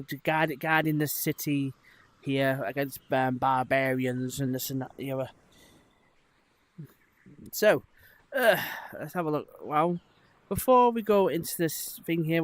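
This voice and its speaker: A man hosting a laid-back live stream in a VR headset, talking in a fairly high voice. He rambles along with many fillers and asides to his chat. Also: moderate pace, no room sound. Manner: rambling, chatty, frequent fillers and laughs.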